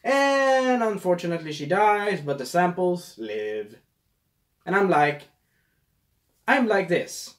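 A man's voice: high-pitched, sing-song, slow pace, pauses often. A man casually reviewing a movie, rambling and losing his train of thought, with a scratchy throat.

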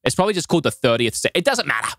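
A man co-hosting a podcast, telling a travel story in a rambling, animated way with lots of filler words. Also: on the high side, very fast. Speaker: podcast co-host. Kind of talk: casual storytelling chat.

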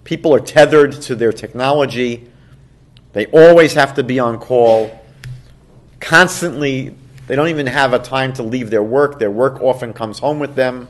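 A man, a rabbi, teaching a class; he tells a story and acts out its people in raised, excited voices, with a soft laugh now and then. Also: mid-range voice, normal speed. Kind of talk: storytelling lecture.

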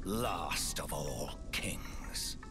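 A man's voice: lively intonation, heavily acted. An actor playing a stern demigod king in a video game, speaking with a commanding, scornful delivery. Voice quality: deep, slow, commanding delivery. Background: game music.

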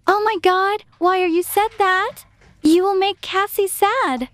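A woman voices a gushing, attention-seeking young woman in a storytime cartoon, using a very high, squeaky tone that's fake-innocent and dramatic. She speaks unhurriedly, with no room sound.

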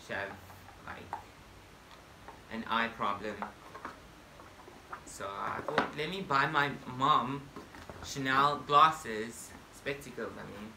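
A man vlogging a casual storytime monologue to camera, excitable and boastful, breaking into sudden loud swearing outbursts. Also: medium pitch, creaky, noisy background.

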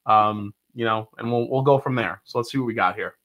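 A man in his thirties hosts a live tasting stream in a relaxed, chatty way. His voice is bright and mid-pitched. He reads viewer comments aloud, laughing often between them. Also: a little fast. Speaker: host of a live bourbon stream. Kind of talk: casual live-stream chat.

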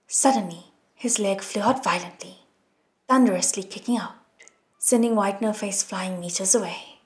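A woman narrating an audiobook in an expressive, soft reading style. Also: medium pitch, moderate pace. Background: soft music.

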